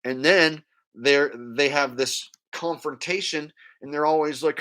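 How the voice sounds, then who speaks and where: A man's voice: a little high, steady tone, a little slow, bright, forceful tone. A man ranting bluntly during a live stream, full of fillers and scornful asides.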